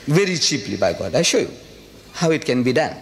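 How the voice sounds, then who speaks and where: A man's voice: medium pitch, sing-song, a little fast. A man from South Africa giving a public lecture, talking emphatically with repeated rhetorical questions. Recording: reverberant hall with faint ambient noise.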